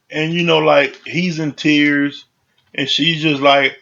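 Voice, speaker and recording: A man's voice: on the high side, little pitch movement, slow pace, creaky, bright, forceful tone, lo-fi sound. A man giving a casual, conversational recap of a reality show, full of "you know" and "like".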